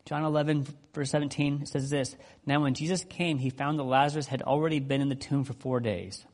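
A man's voice: mid-range voice, brisk. A man preaching a casual, conversational sermon, acting out the people in the story as he goes. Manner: conversational, animated, acts out quotes. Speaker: pastor.

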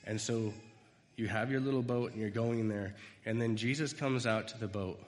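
Speaking in a mid-range, darkish voice at a moderate pace, an American man delivers a devotional talk as an informal sermon. He wanders through personal anecdotes, performing the lines he quotes, and his voice trails off in a long reverb tail.

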